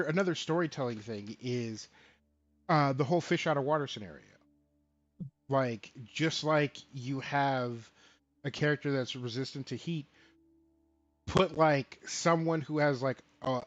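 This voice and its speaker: Animated, profane man talking tabletop games. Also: mid-range voice, no echo, dull audio. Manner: animated, profane, acts out quoted characters. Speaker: podcast co-host. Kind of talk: casual tabletop game talk.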